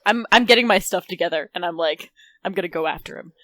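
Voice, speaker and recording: A woman's voice: lowish voice, quick pace, fairly bright tone, dry recording. A woman player talking casually in a tabletop game. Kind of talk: casual play talk.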